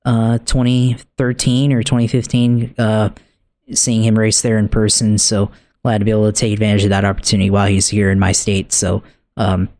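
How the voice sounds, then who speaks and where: A man's voice: fairly low pitch, brisk, no room sound. A man co-hosting a podcast, giving a casual, rambling recap full of fillers and restarts. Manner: relaxed, conversational. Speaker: podcast co-host.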